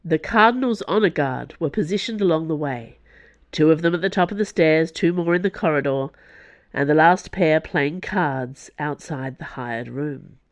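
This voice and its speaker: Audiobook narrator, even storytelling, mid pitch, dry close sound. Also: moderate pace, dry recording. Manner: even, close storytelling with quiet, lowered asides.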